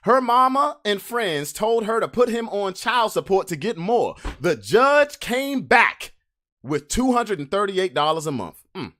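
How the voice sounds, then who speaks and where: Animated man hosting a livestream podcast. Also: high voice. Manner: animated, drawn-out emphatic delivery, loose slang. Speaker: podcast host reading memes to chat. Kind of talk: casual livestream chat.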